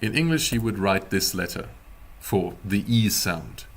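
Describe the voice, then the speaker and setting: A man teaching a beginner language class, explaining pronunciation slowly in a playful, teasing way. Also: fairly low pitch, animated, a little hiss or hum. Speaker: German teacher.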